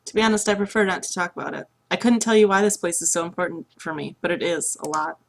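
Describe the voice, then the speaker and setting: A woman's voice: fairly low pitch, steady tone, fast talker, creaky. A woman voicing a reserved young man, a former student, who speaks politely but hesitantly and evasively.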